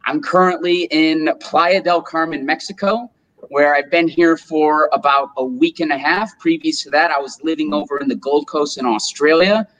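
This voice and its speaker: Twenties male guest from upstate New York, slightly high voice, lively casual storyteller. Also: normal speed, rough recording. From Rochester, New York, US. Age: 20s. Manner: animated storyteller, acts out quotes. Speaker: guest, solar business owner.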